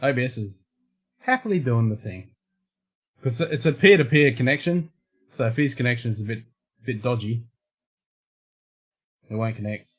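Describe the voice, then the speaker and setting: Brief: Australian male host, mid-pitched, laid-back, salty-mouthed livestream banter. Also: lively intonation, moderate pace, pauses often. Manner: blunt, swears constantly, laid-back. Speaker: show host. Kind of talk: casual livestream chat.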